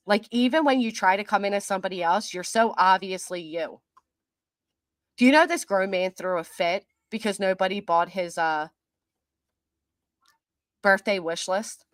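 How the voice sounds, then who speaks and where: A middle-aged woman hosts a commentary livestream, reading viewer comments aloud and answering them in a mocking, defiant way, quick to laugh. Her voice sits at medium pitch, and there's no room sound.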